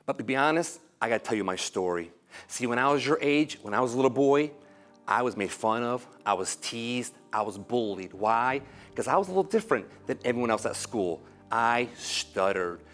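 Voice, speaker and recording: A man giving an energetic motivational speech at a school assembly, leading children in call-and-response chants. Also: medium pitch, normal speed. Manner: animated and exclamatory, leading chants. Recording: background music under the voice. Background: music.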